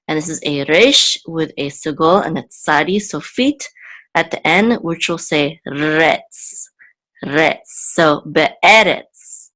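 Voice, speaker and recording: A woman's voice: deep voice, a bit bright, rough recording. A woman hosting a Hebrew reading lesson, patiently sounding out words syllable by syllable. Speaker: Hebrew teacher. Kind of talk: slow step-by-step reading lesson.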